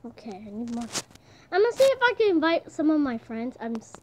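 A young woman giving casual gameplay commentary, excitable, shouting and swearing at the game. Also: sits high, a little fast, a little hiss or hum. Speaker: gamer.

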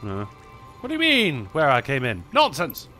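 A man's voice: mid-range voice, wildly swooping pitch, normal speed, bright, forceful tone, faint music behind. A man streaming a video game, rambling, swearing and mocking himself as he plays. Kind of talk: let's play commentary.

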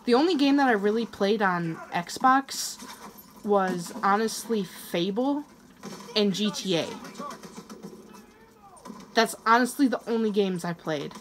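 A young woman hosting a gaming channel, commenting on her own online match and quick to rage, swearing and yelling at other players. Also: mid-range voice, lively intonation. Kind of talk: live gameplay commentary.

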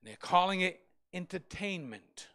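A man's voice: high voice, animated, moderate pace, sharp tone. A male pastor preaching a Bible study in a fervent, emphatic way, repeating phrases for stress.

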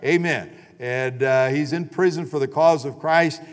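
A man's voice: on the high side, a little slow. A man preaching a sermon as pastor, emphatic, often repeating phrases and calling on the congregation to answer. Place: church sanctuary. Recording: long reverb of a church hall.

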